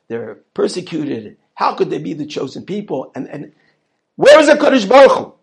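Man teaching a lesson on prayer, emphatic, repeats himself, husky gravelly voice. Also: a little high, a little mellow. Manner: emphatic, repeats phrases while building a point. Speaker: religious teacher.

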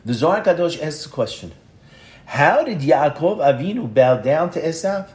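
An older man teaching a Talmud passage as a lively story, acting out the voices in it. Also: on the high side, moderate pace, reverberant. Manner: lively storyteller, acts out voices, sprinkled with Hebrew terms. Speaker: Torah teacher. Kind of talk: animated Talmud storytelling class.

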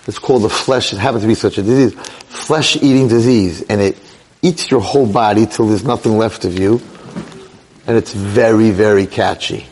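A middle-aged male rabbi telling a dramatic story in a sermon, with animated delivery. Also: on the low side, normal speed, slight background noise. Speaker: rabbi lecturer.

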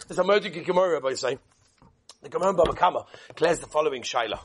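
High-voiced animated male Torah teacher. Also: husky. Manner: animated, quick, with Hebrew and Yiddish terms. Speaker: Torah lecturer. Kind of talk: spoken Torah class with parables.

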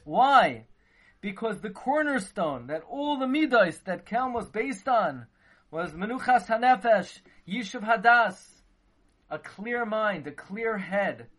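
A man's voice: high voice, expressive, slow pace, fairly bright tone. Man giving a lecture. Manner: dense with Hebrew and Yiddish terms, acts out dialogue. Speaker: rabbi teaching Torah. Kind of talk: Torah lecture.

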